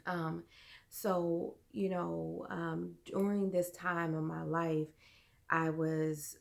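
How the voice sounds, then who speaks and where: Low flat-voiced woman telling her story. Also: creaky. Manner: earnest, halting, many fillers. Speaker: vlogger. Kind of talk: personal storytelling.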